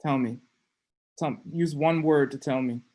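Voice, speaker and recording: A teacher giving a relaxed online class, joking often and checking in with "okay?". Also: mid-range voice, moderate pace. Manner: playful, joking, frequent "okay?" check-ins. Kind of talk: casual online class lecture.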